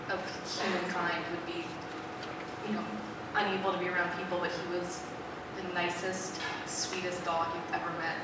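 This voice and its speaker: A woman's voice: on the low side, very noisy. A woman author talking casually to a live audience at a book event. She is chatty and candid, uses many fillers and restarts, and gets openly emotional. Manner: openly emotional, close to tears at times. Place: large indoor event hall. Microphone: filmed from far off in the audience. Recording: distant echoey hall with loud ambience.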